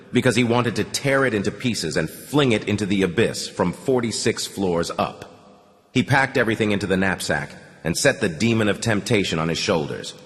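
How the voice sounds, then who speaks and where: Low-voiced male audiobook narrator. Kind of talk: scripted narration. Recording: long reverb.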